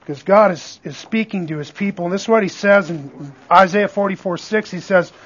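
A man's voice: high voice, a little fast, few pauses, fairly bright tone, husky. A man preaching a sermon as pastor, in a conversational way with frequent call-outs to the congregation. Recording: dull lo-fi recording.

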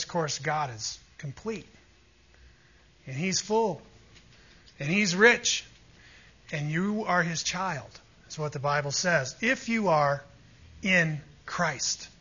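A man's voice: sits high, animated, slow pace, long pauses, bright, forceful tone, breathy edge, dull audio. A man preaching a sermon with emphatic, fervent delivery, often calling out to his listeners for agreement. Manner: emphatic, rising to fervent peaks, asks the audience "Amen?".

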